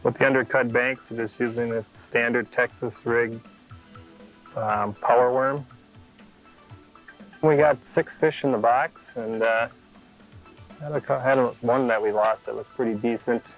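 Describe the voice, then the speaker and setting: A man giving a halting, filler-filled update on his tournament fishing. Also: medium pitch, fairly even intonation, soft background music, rough recording. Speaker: tournament angler.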